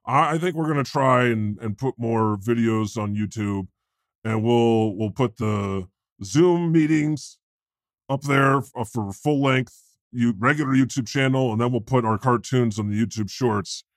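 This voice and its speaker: A man's voice: medium pitch, steady tone, unhurried, no echo, studio quality, lightly acted. Man playing a laid-back, foul-mouthed God. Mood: chatty. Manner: casual, swears freely. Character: God, laid-back male deity, chatty and crude. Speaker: podcast co-host. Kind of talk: improvised podcast comedy banter.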